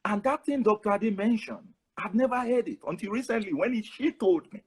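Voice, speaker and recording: A man, a professor giving casual, animated advice with frequent repetition. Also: sits high, brisk, slightly rough. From Nigeria. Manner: animated, repetitive, laughs often.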